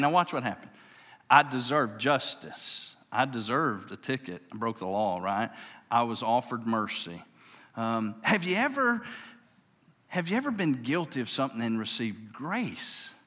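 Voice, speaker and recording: Folksy Southern preacher in a reverberant hall. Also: male voice, unhurried. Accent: Southern US, Louisiana. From Louisiana. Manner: folksy and animated, acts out voices, drops low and quiet for emotional moments. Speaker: pastor, state police chaplain. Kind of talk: storytelling sermon. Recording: long reverb of a large hall.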